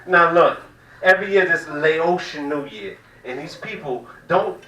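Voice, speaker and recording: A man from the South works a small comedy room with a loud, profane, rambling set. His voice sits high and leaps wildly up and down, with a bright, sharp edge. The sound is roomy and echoey, and he comes across at a slight distance from the microphone. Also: animated, a little slow. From American South. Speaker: stand-up comedian.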